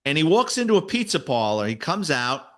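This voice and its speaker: A man, a retired detective and author, telling stories in a casual interview, animated and salty. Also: on the high side, fairly quick. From New York City. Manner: animated storyteller, voices quoted people, swears casually.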